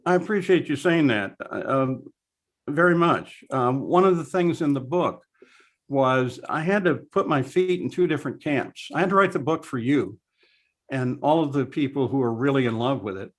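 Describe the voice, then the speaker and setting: Older man, storytelling guest, casual video call chat, mid-pitched voice. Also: moderate pace. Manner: storytelling, animated anecdotes. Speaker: guest, veteran race broadcaster.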